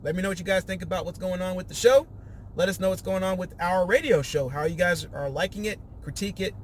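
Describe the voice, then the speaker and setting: A man's voice: high-pitched, steady tone, fast talker, slight background noise. A man hosting a casual podcast, recapping a reality show and acting out quotes in raised voices.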